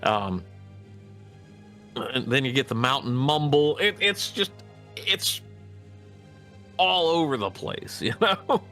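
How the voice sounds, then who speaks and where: A man's voice: medium pitch, animated, takes it slowly, long pauses, bright, forceful tone, faint music behind. A man with a Midwestern American accent, chatting as a guest on a casual podcast in a rambling, hesitant way. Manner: rambling, hesitant, with many restarts. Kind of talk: casual chat.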